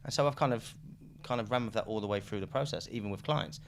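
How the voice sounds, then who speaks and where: A fast-talking British man with a lowish voice and vocal fry, heard over slight background noise. He founded a recruitment firm and is chatting loosely as a guest on a casual business podcast, laughing and swearing occasionally.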